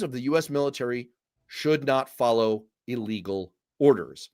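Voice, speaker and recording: With a medium-pitched voice at normal speed, a man hosts a political commentary live stream, bantering with a guest and reading out comments from viewers. He's lively and combative, sprinkling in jokes, and the sound is dry and studio quality.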